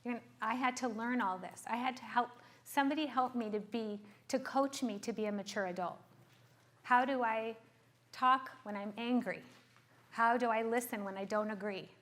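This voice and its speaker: Middle-aged woman therapist, slightly high voice, earnest explainer who keeps checking in with her audience. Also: normal speed, fairly bright tone. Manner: earnest, checks in with frequent rhetorical questions.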